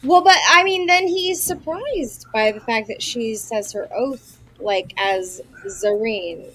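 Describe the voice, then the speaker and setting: A woman's voice: fairly high pitch, slow pace, a bit bright, rough recording. Playful woman joking on a podcast. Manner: playful, jokes and teases the others. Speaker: podcast co-host. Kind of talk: casual book discussion.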